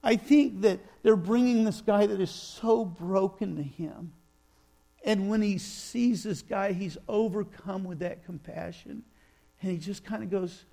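Slow, gravelly-voiced male preacher. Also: high voice, steady tone, warm tone. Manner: storytelling preacher, acts out sighs and quotes, slows for emphasis. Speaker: pastor. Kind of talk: sermon.

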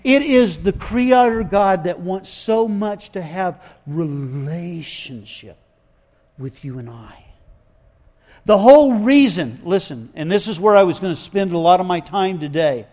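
A man's voice: sits high, a little slow, a little mellow. A man preaching a sermon in an emphatic, folksy way, often repeating his phrases.

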